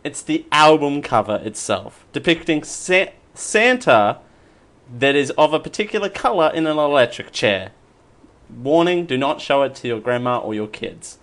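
A man hosting a casual podcast and reading quiz questions, playful and quick to laugh. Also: fairly high pitch, very animated, a bit bright. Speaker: quiz host.

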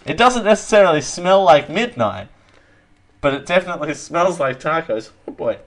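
A man hosting a live show, chatting casually and excitably while taste-testing snacks, sometimes talking with his mouth full. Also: a little high, normal speed. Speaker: host.

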